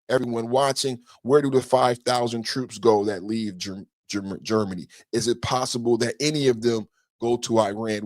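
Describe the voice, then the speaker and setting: A man's voice: mid-range voice, no room sound, studio quality. Indignant man ranting on a podcast. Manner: indignant, builds to shouting, swears often. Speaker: podcast host. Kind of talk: political commentary rant.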